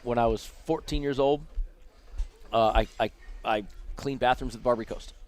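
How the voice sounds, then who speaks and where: A man from Las Vegas spins lively anecdotes over dinner. He acts out the people in his stories and talks in an easy, mid-pitched voice. The conversation takes place in a restaurant inside a casino. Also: normal speed. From Las Vegas, USA. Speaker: guest. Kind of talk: casual storytelling over dinner.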